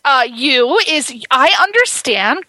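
Female host, high and bright, gushing and animated, dry close sound. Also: slow pace, no echo, low-quality recording. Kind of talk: casual interview chat.

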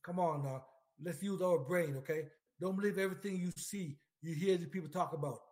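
Fairly high in pitch with a darkish tone, this man talks a little fast. A former serviceman, he delivers a profane, repetitive political tirade, hammering his points and challenging the listener with question after question.

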